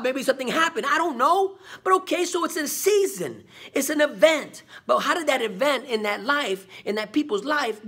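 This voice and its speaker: Husky high-voiced man preaching. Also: pushed and bright. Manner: preachy, repeats "man" and "come on"; call-and-response questions. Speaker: vlog host. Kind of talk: motivational talk to camera.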